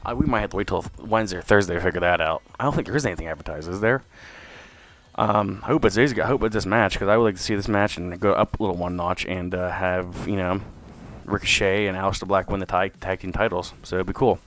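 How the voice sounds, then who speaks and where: Low-voiced, profane young man rambling. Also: quick pace, a bit bright. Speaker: wrestling podcast host. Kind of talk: casual solo review commentary.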